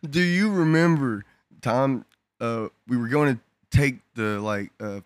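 A man's voice: medium pitch, unhurried, dry recording. A young man in casual chat, telling a party story in a laid-back, slangy way and laughing between lines.

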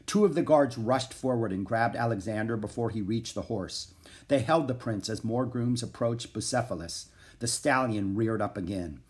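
A man's voice: mid-range voice, normal speed. Man reading a children's book aloud. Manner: expressive, animated narration. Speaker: audiobook narrator.

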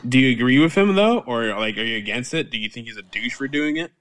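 A young man talking casually on a podcast in a relaxed, hedging way, quick to agree. His voice sits at a middle pitch. The recording is dry and close with no room sound. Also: no echo. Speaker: podcast co-host. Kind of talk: casual chat.

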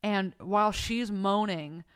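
A woman's voice: mid-range voice, slow pace, clear, resonant tone. A young adult woman hosting a podcast from her bed, telling a story in casual, profane chat on a close mic. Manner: profane, animated, acts out voices in her stories. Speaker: podcast host. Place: bedroom at home. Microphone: close mic in front of her face.

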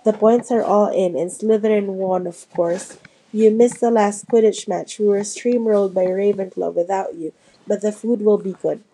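A woman reads the part of an excitable teenage boy wizard from a storybook. He is blunt and chatty. The tone stays mellow and everyday. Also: medium pitch, moderate pace, slightly rough, poor audio.

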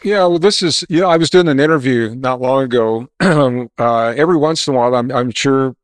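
A man's voice: medium pitch, brisk, no echo. Emphatic man telling a story, dry sound. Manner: animated storyteller, emphatic and explanatory. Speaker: guest author and geologist. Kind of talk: storytelling interview answers.

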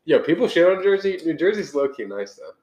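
A man's voice: fairly high pitch, very animated, a little fast, a little mellow, a little hiss or hum. A man co-hosting a podcast in a loose, easygoing chat, rambling with lots of fillers. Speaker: podcast co-host. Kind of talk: casual comedic chat. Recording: roomy echo.

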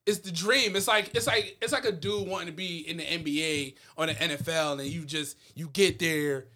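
A young man co-hosting a casual podcast chat, animated and slangy, rambling with lots of fillers. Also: fairly high pitch, moderate pace. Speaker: podcast co-host.

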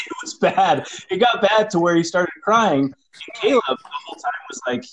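A man's voice: a little high, brisk. A young man casually telling a story to friends over a phone call, acting out what others said and laughing often. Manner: animated, acts out friends' lines, laughs often. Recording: phone call with faint noise.

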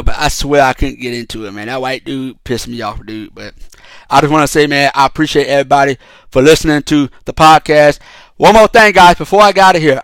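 Fired-up, profane podcast host. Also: male voice, on the high side, a bit bright, clean tone, no room sound. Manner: profane, heated and rambling, with frequent restarts. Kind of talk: casual solo podcast commentary.

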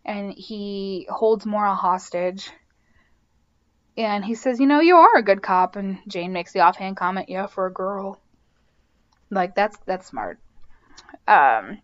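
A woman hosting a podcast casually recaps a TV episode, chatty and full of "like" and "um." Her voice is mid-range, and the recording sounds muffled.

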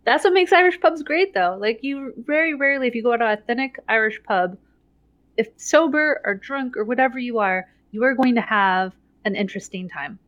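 A middle-aged woman telling a story in casual chat, animated and laughing often, with many "like" and "right?" tags. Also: fairly high pitch, fairly quick, dry recording, lo-fi sound.

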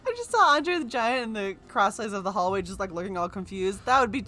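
A woman's voice: medium pitch, expressive, fast talker, sharp tone, faint music behind. A woman co-hosting a casual chat show with her husband, giggly and teasing, swearing now and then. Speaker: co-host, host's wife. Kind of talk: casual chat about a movie.

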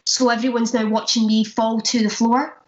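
A woman's voice: a little high, little pitch movement, moderate pace, darkish tone. A young Glaswegian woman, a stage performer, telling anecdotes in a chatty way, laughing often and acting out quotes. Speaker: musical theatre performer, guest. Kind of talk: casual chat, anecdotes. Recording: roomy, dull lo-fi sound.

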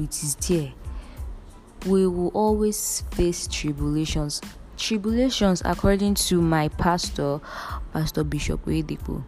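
A woman's voice: lowish voice, mellow. A young woman with a Nigerian accent telling her own story to viewers in an earnest, emphatic way, often calling out to them directly. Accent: Nigerian English. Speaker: vlogger. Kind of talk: casual direct-to-camera storytelling.

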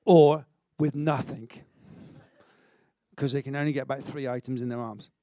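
A middle-aged man preaching a sermon in an energetic, conversational way, with stammered restarts and self-mocking humour. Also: medium pitch, normal speed, no echo, clean studio sound. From Wales. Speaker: pastor.

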